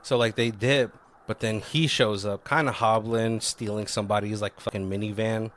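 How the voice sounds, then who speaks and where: A man's voice: on the low side, fairly even intonation, moderate pace, fairly bright tone. A man on a podcast casually recapping a film's plot, rambling with lots of "like" and frequent swearing. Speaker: podcast co-host. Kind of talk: casual movie recap chat.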